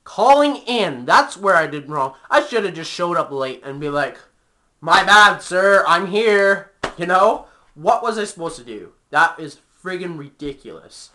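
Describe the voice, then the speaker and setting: A man's voice: fairly high pitch, very animated, normal speed, a bit bright, a little hiss or hum. A young man tells an angry, profane story about his job in a casual rant, using plenty of fillers. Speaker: vlogger.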